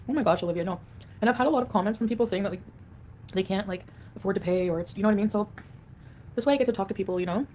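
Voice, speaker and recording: A woman's voice: mid-range voice, very fast, pauses often, dark tone, a little hiss or hum. A woman livestreaming in a casual, rambling way, reading viewer comments aloud and answering them.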